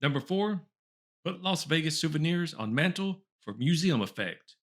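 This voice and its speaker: A man's voice: a little high, expressive, moderate pace. A man hosting a comedy show, reading old top ten lists aloud with chuckles and wry asides. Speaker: host.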